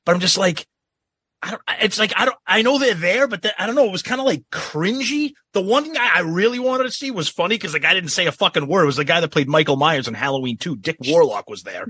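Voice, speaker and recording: Guy cohosting a podcast, high lively voice, kinda rambly, laughs a lot. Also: fast, husky, no room sound. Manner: rambling, chuckling, repeats words. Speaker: podcast co-host. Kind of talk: casual chat.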